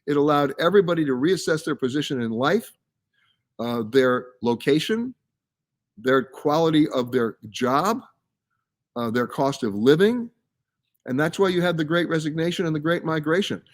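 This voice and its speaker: A man hosting a live travel broadcast, chatting casually and stressing his points with emphasis. His voice sits somewhat high for a man. He reads viewers' comments aloud and answers each one off the cuff. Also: animated, moderate pace. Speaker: travel show host answering viewer questions. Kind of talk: casual live-stream chat. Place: live from a science center.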